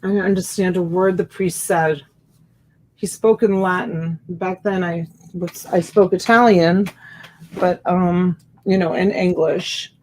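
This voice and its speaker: A woman's voice: lowish voice, steady tone, measured pace. A woman hosting a live reseller stream in casual chat, greeting viewers by name and reading their comments aloud. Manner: chatty and warm, greets viewers by name and laughs often. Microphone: USB desk microphone.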